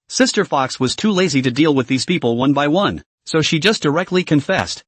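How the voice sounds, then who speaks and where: A man's voice: fairly high pitch, animated, a little fast, few pauses, no echo. A man narrating a comic story recap in a dramatic storytelling manner.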